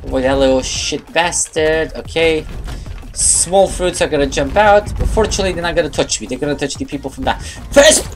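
A woman commentating her own game play, excitable and swearing at opponents, with faint game music behind. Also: deep voice, a little fast. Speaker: gamer.

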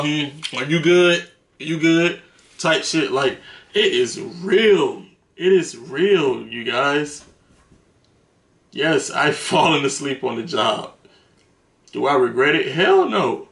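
A man's voice: mid-range voice, vocal fry, fairly bright tone. A man telling stories to the camera in a casual, slangy, profane way, laughing between them. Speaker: vlogger. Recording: roomy echo.

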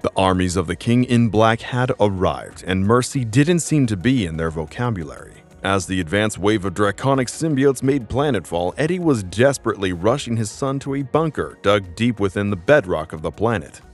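A man's voice: fairly low pitch, expressive, normal speed, few pauses, soft background music. A man giving dramatic scripted narration of a comic story.

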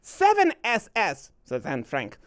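A man's voice: high voice, slow pace, clear, resonant tone. A man hosting a comedic podcast, joking and laughing through the banter. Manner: animated, laughing, jokey delivery. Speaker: host.

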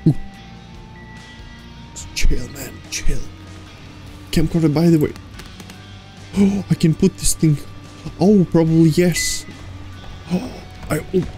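A man playing a horror video game, reacting out loud, talking to its characters and swearing mildly between loud outbursts and nervous laughs. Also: fairly high pitch, animated, slow pace, pauses often, faint music behind. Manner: jumpy, talks to the game characters, mild swearing. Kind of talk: let's play commentary.

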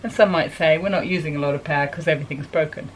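A woman's voice: sits low, rapid-fire, a little hiss or hum, poor audio. A woman from New Zealand with a New Zealand accent, a sailing vlogger talking casually and matter-of-factly to camera aboard a sailboat.

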